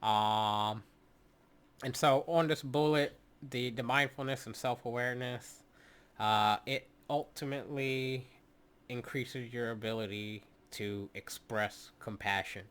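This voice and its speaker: A man's voice: mid-range voice, steady tone, a bit bright, clear, resonant tone. A man hosting a solo podcast, talking through his points in an instructive way and often stopping on fillers and restarts while he addresses the listener directly. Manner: halting, many fillers and restarts. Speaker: podcast host.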